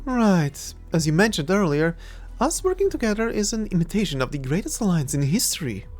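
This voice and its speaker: A cocky young adventurer-thief, voiced by a woman with a lowish voice that swings widely as she teases and mocks. Her playful, mocking delivery fits a fan-made audio drama, with faint music underneath. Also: sing-song, a little fast, darkish tone. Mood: teasing. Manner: playful, mocking, laughs often.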